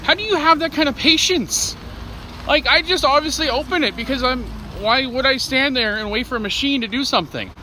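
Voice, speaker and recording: A man's voice: very high-pitched, a little fast, sharp tone, a little hiss or hum. A young man vlogging casually while out and about, joking and rambling in a chatty way. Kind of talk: casual vlog chat.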